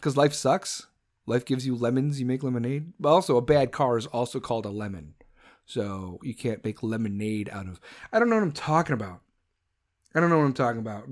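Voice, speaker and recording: A man's voice: medium pitch, animated, normal speed. Male podcast host, rambling profane opinion rant, mid-range voice.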